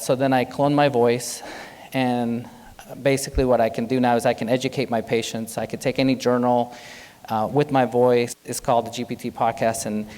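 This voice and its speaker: A man, a physician, giving a lively, conversational conference keynote and joking with the audience. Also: mid-range voice. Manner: animated, conversational, jokes with the audience. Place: large hotel conference hall. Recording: long hall reverb.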